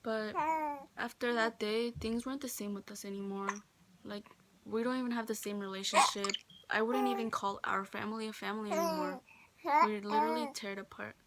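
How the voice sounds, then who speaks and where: A woman's voice: medium pitch, steady tone, fairly quick, a loud crowd. A teenage girl telling a personal story in a casual vlog, chatty and full of "like", quoting others in her own voice. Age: teens. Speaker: vlogger. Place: friend's bedroom.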